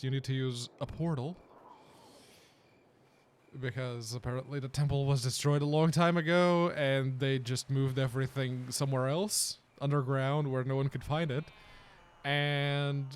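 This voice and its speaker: Hosting a live stream, a man plays a role-playing game in casual let's-play fashion, laughing often and teasing what happens on screen. His voice is a little high, clear, and resonant.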